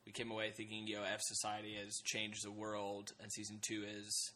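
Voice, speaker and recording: Bright-voiced man with a hesitant podcast manner. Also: lowish voice, completely flat delivery, a little fast, a little hiss or hum. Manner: hesitant, many ums and restarts. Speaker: podcast co-host. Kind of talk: casual TV discussion.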